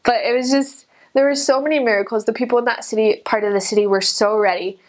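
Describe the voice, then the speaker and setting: A woman's voice: fairly high pitch, quick pace. Chatty young woman telling a story. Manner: chatty, animated, many "like" fillers, acts out quotes in a raised voice. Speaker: returned missionary. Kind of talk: personal storytelling.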